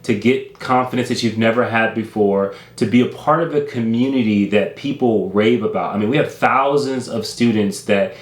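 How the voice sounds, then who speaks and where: A man's voice: on the low side, moderate pace, few pauses. A man co-hosting a business class, encouraging viewers in a loose, casual way with plenty of filler words. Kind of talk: casual motivational pitch. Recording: echoey room.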